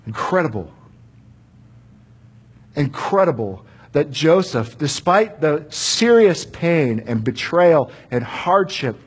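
Man preacher, conversational storytelling sermon, husky and lively. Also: fairly high pitch. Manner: conversational, asks listeners questions.

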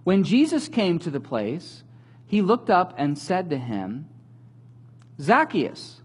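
A man giving a sermon as a pastor, telling the story in a conversational, animated way with light humor. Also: fairly high pitch, measured pace, husky.

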